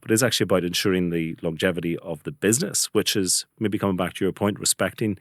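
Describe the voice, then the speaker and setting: A man's voice: low voice, no room sound, clean studio sound. A man hosting an interview, asking questions and musing thoughtfully on business. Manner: rapid, thoughtful, reflective. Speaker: podcast host.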